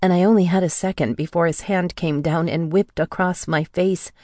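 Low-voiced woman narrating a tense thriller. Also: fairly even intonation, normal speed, a little mellow, dry recording, studio quality. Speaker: audiobook narrator. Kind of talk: first-person thriller audiobook narration.

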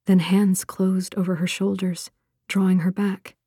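A woman narrating an audiobook in a measured, expressive manner. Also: fairly low pitch, husky, no room sound, studio quality.

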